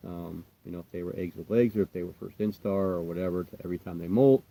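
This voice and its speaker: A low-pitched American man chats loosely with his livestream audience about his tarantulas. His tone is dark and mellow, and he rambles and reassures. His voice often drops off to a mutter. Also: fast. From United States. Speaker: tarantula keeper answering live chat. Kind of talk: casual livestream chat.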